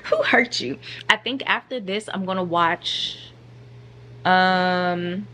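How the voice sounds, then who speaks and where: A woman's voice: lowish voice, slow, a little hiss or hum. A woman in her thirties chatting casually to her viewers in a vlog from her couch at home. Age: 30s. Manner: chatty and animated, addressing viewers directly. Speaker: vlogger.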